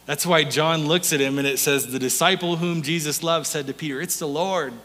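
A man preaching a sermon as pastor, telling a story in an animated way, acting out voices and laughing often. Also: fairly high pitch, a little fast, long reverb tail.

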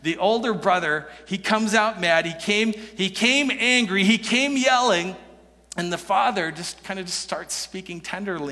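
A pastor preaching a sermon in an earnest, conversational way, swinging between loud emphasis and soft, low passages. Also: male voice, normal speed. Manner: conversational, with many restarts and "you know". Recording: long hall reverb.

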